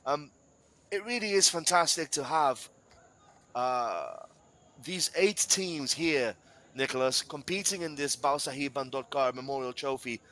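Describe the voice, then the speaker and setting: Bright-voiced football commentator from Gibraltar. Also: male voice, medium pitch, a little slow, low-quality recording. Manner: chatty, addresses co-commentator and viewers directly. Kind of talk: live match commentary.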